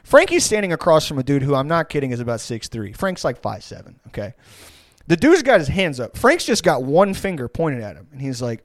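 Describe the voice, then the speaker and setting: Rich: A male podcast host telling a story in a casual, animated, rambling way that is full of swearing. His voice is fairly high for a man, and the sound is dry and close. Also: fairly quick, no echo.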